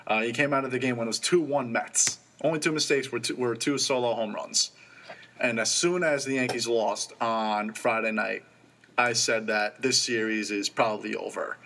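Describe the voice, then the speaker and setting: A young man co-hosting a college radio sports show, rattling off stats quickly and eagerly. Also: mid-range voice, fairly even intonation, pushed and bright, slight background noise. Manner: quick, stat-heavy, enthusiastic.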